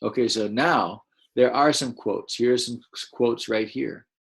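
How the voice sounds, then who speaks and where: Gravelly-voiced man reading to children. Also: medium pitch, a little slow. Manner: gentle, encouraging, explains as he goes. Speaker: teacher. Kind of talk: reading a picture book aloud to a class.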